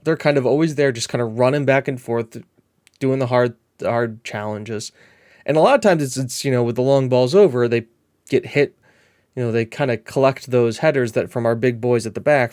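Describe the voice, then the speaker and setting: A gameplay commentator, a man with an ordinary middle-pitched voice, chats loosely through a casual let's-play, trailing off and restarting his thoughts. His rambling turns into quick, excited calls whenever the match action gets tense.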